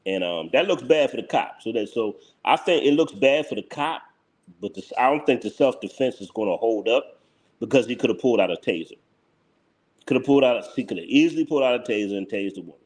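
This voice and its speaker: Lively, heated male channel host. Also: mid-range voice, fast talker. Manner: blunt, heated, repetitive, breaks into laughs. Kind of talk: live reaction commentary.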